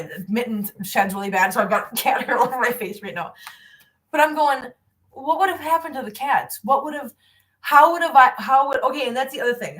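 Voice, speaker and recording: A woman's voice: on the high side, fairly bright tone. A woman around sixty, chatting on a live stream from her home in a rambling, heartfelt way, and cooing baby talk at her cats. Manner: rambling, heartfelt, repeats herself. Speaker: cat-channel host. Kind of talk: casual live-stream chat.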